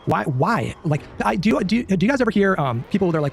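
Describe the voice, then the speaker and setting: A man's voice: sits high, expressive, very fast, gravelly, hardly any pauses, faint music behind. A man on a podcast panel, arguing emphatically and repeating words as he pushes his point. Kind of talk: heated podcast debate.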